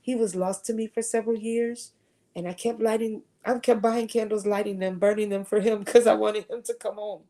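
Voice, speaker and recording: A woman's voice: mid-range voice, steady tone, moderate pace, warm tone. A woman giving a conversational faith talk at a retreat, sharing earnest personal testimony. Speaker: retreat speaker.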